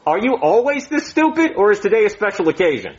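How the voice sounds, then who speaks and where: A man's voice: sits high, very animated, fast talker. A man playing a boastful, blustery therapist in a comedy skit. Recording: dull lo-fi sound.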